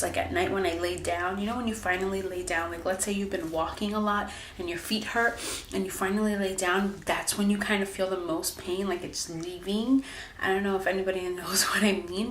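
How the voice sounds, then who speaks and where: A woman's voice: medium pitch, a bit bright, a little hiss or hum. A woman in her twenties chatting candidly in a casual vlog, full of likes and ums. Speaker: vlogger. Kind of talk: casual pregnancy update vlog. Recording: echoey room with faint ambience.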